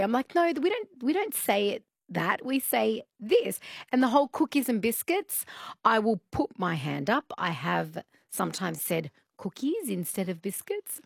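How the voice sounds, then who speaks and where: An Australian woman hosting a radio talk show, chatting and telling stories in an animated way. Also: a little high, creaky, no room sound, clean studio sound. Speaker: radio host.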